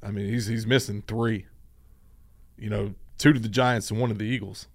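A man co-hosting a morning show, giving steady, opinionated sports talk. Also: lowish voice, normal speed, vocal fry, no echo, studio quality. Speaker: radio co-host.

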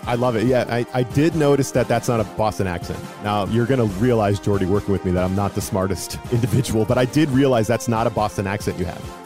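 A man in his thirties hosting a casual sports podcast, chatty and self-deprecating, with quick asides. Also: on the low side, over music. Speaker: podcast host.

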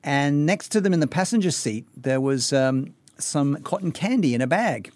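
A man's voice: fairly high pitch, lively intonation, normal speed, darkish tone, dry recording. A man from Australia hosting a radio show, casually summarising a news story with easy fillers. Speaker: radio host. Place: radio studio in Singapore. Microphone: studio mic.

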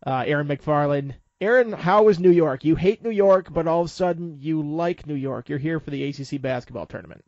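A man's voice: a little high, a little fast, hardly any pauses, darkish tone, dry recording, muffled recording. A man hosting a sports podcast as a football beat writer, teasing his guest in casual chat. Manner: teasing, conversational.

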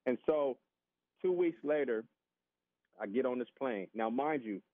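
A man telling a casual, animated story as a podcast guest, acting out the voices of other people and often repeating his words. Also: mid-range voice, a little slow, no echo. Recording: tinny phone-line sound.

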